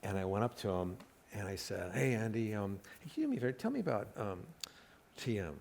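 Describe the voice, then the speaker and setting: A man's voice: on the low side, very animated, brisk, vocal fry, darkish tone. A middle-aged man, a comedian, telling stories on stage, laughing at his own jokes and acting out quotes. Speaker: comedian guest. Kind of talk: storytelling conversation on stage. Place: live talk event stage.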